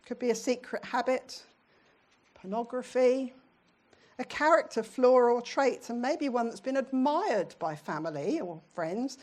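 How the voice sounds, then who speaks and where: A woman's voice: on the high side, animated, unhurried, a little mellow. A middle-aged British woman preaching a sermon in a church, in a conversational way, often putting questions to her congregation.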